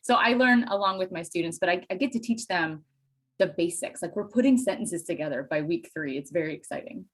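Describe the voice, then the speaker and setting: An enthusiastic woman from Pennsylvania tells stories as a podcast guest, full of self-deprecating asides. Her voice sits a little low for a woman. She talks like a lively teacher who loves her subject. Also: a little fast. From Pennsylvania, USA. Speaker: guest, Spanish teacher and dairy farmer. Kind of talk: casual interview chat.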